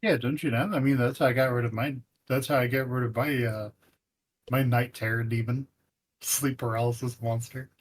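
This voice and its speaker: A man's voice: medium pitch, fairly even intonation, normal speed, poor audio. A man reading first-person visual novel narration aloud, with joking asides to friends.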